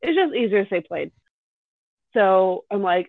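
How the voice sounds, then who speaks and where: A woman telling a rambling story in casual podcast chat, animated and full of restarts. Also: medium pitch, normal speed, no echo. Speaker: kindergarten teacher. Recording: dry, tinny phone-like sound.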